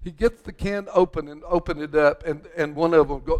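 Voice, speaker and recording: A man's voice: high voice, steady tone, normal speed, few pauses. Rambling storytelling older male preacher. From West Texas. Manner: rambling storytelling with repeated restarts. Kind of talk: sermon.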